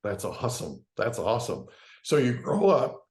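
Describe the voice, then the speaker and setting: A man's voice: medium pitch, wildly swooping pitch, moderate pace, darkish tone. Encouraging male host in an echoey room. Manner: encouraging, frequent short affirmations. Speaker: podcast host. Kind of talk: casual interview.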